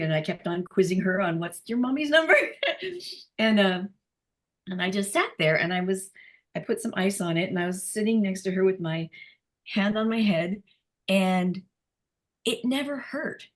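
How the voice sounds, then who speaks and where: A middle-aged woman tells personal stories in a relaxed group conversation. She is animated and laughs often, breaking off and restarting her sentences as she goes. Her voice sits at an ordinary middle pitch for a woman. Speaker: healing practitioner in a group talk. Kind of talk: casual storytelling chat.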